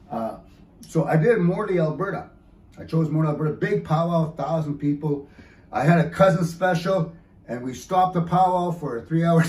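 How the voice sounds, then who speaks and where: A man's voice: fairly high pitch, darkish tone. A man doing a joking stand-up comedy set in an event hall, often slipping into teasing mock voices. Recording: echoey room heard from a distance.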